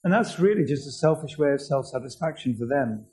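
Earnest preacher with a mellow voice. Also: male voice, medium pitch, expressive, fairly quick, faint music behind, low-quality recording. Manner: earnest, asks the congregation many questions. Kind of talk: sermon.

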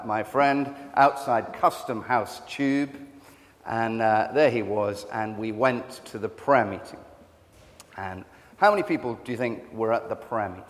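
A man preaching a sermon, conversational and halting, telling stories with animated bursts. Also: lowish voice, big-room sound. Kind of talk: sermon with storytelling.

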